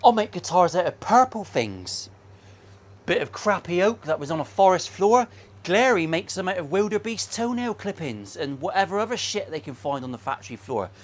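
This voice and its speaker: A man's voice: high-pitched, big pitch swings, normal speed. A man, a guitar maker and channel host, ranting bluntly and profanely in a casual opinion vlog from his workshop.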